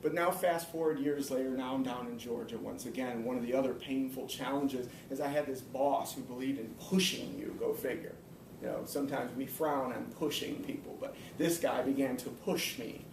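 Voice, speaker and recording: Earnest man speaking in an echoey room. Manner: earnest, emphatic, slows down to stress key points. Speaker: speaker giving a motivational talk. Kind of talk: personal storytelling speech to a live audience. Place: hall or room before an audience. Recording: echoey room, speaker far from mic, faint rumble.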